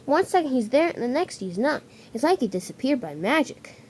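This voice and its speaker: A woman's voice: sits high, sing-song, fairly quick, a little mellow, a little hiss or hum. An anxious, earnest young tank engine from a toy-train story, voiced by a woman. His voice rises and falls a great deal as he frets. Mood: worried.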